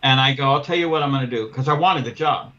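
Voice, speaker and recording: This podcast host, a window cleaner, talks fast in a medium-pitched voice, recounting at length how he lost a cleaning client. Profane and animated, he performs both parties' dialogue, while the dull audio carries slight background noise.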